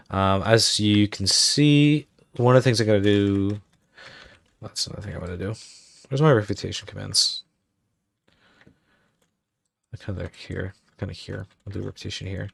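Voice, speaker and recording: A streamer and game developer chats casually about the game he's building, murmuring commands under his breath while typing. He has a fairly low, creaky voice, speaks at a moderate pace and pauses often, and the recording is dry.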